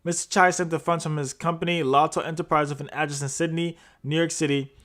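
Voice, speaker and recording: A man with a somewhat raised pitch runs a casual crypto news livestream at his desk mic. He reads articles aloud, then drifts into jokey, rambling commentary between the headlines. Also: steady tone, quick pace, a bit bright.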